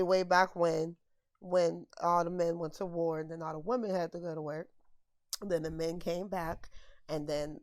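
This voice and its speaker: A woman's voice: on the low side, no room sound, clean studio sound. A young woman co-hosting a podcast, chatting casually in slang, laughing often as she talks. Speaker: podcast co-host. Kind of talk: casual chat.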